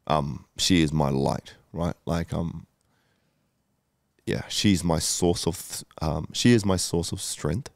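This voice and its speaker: A man's voice: low-pitched, slow, gravelly, no echo, clean studio sound. A man in his thirties, a podcast guest, telling his story candidly and emotionally, with lots of swearing, fillers and restarts. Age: 30s.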